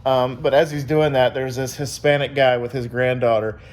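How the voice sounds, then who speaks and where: A man's voice: mid-range voice, fairly even intonation, normal speed. A young man casually vlogging to his viewers, rambling through a story with many fillers. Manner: rambling, upbeat, lots of fillers and quoted voices.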